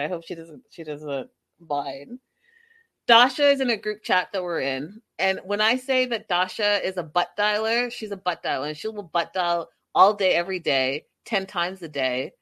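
A woman hosting a casual live stream, recapping a reality show in an animated, emphatic, sassy way. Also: lowish voice, moderate pace. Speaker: livestream host recapping reality TV.

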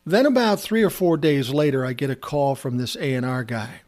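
Recounting a story from his music-producer days, a man speaks casually at a normal speed, acting out the dialogue and swearing freely. His voice is mid-range and a little mellow.

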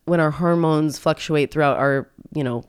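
A woman's voice: deep voice, normal speed, clear, resonant tone, dry recording, clean studio sound. A middle-aged woman co-hosting a podcast in casual chat, talking in an emotional, chatty way with frequent restarts. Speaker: podcast co-host.

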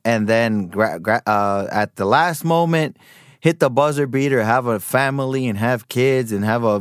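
A man's voice: mid-range voice, no room sound, studio quality. A man hosting a podcast, giving casual, rambling commentary full of fillers. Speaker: podcast host.

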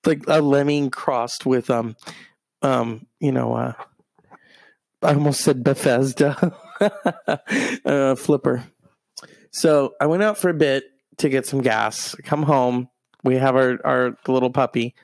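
A man's voice: medium pitch, normal speed, creaky, darkish tone, no room sound. A young man telling rambling comic stories, meandering and full of wry asides that trail off and restart. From half Mexican.

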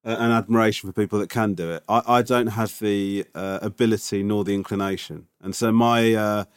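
A man's voice: lowish voice, steady tone, fairly quick, smooth, no room sound. A man co-hosting a podcast in casual chat, dry and self-deprecating. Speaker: podcast co-host.

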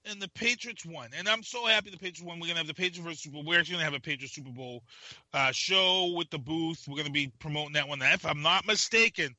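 A man's voice: fairly high pitch, pushed and bright, dry recording. A man co-hosting a casual podcast, ranting and swearing and laughing between points. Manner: ranting, profane, quick to laugh. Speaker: podcast co-host. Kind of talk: casual radio chat.

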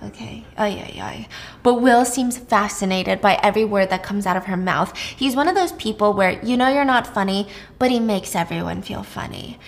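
A woman casually retelling a thriller's plot, animated and chatty, with frequent asides and the odd swear word. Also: mid-range voice, moderate pace, creaky. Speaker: storyteller host. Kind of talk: casual storytime recap of a thriller.

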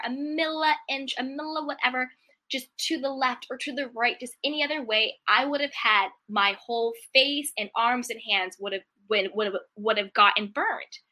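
A woman's voice: on the high side, sharp tone. A woman hosting a self-help video, talking earnestly about gratitude and mindset in a casual monologue, repeating affirmations and briefly mimicking complainers. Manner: earnest, repetitive affirmations, acts out complaining voices.

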